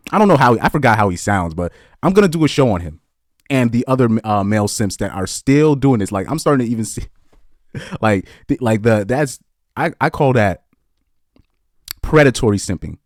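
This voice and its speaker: A man's voice: mid-range voice, lively intonation, fairly quick, no echo, clean studio sound. A man giving blunt, rambling opinion commentary on a podcast, often restarting sentences and chuckling.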